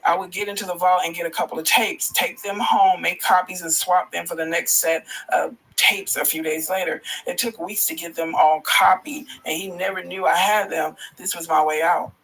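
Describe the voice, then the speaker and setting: A man hosting a livestream, reading a first-person story aloud with an expressive delivery and reacting aloud along the way. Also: high voice, creaky, poor audio. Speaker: livestream host.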